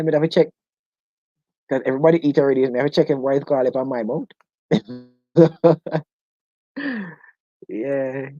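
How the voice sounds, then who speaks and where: A man's voice: mid-range voice, warm tone, dry recording, highs cut off. A man hosting a live-stream chat in a playful, joking way. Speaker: host of a live discussion stream.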